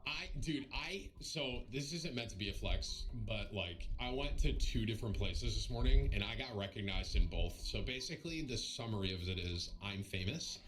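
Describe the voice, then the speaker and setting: Animated man joking with his stream. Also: on the low side, moderate pace, few pauses, a little hiss or hum, poor audio. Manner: animated, joking, with frequent restarts and asides to chat. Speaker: streamer telling a story to his viewers. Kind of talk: casual storytelling to a live audience.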